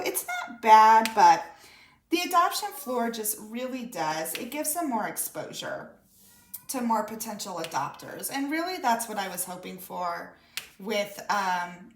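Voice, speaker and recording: A woman's voice: mid-range voice, roomy sound, a little hiss or hum. A woman, a mother, telling a story casually to her viewers, chatty and full of quoted dialogue. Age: adult mother of school-age daughter. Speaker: vlogger.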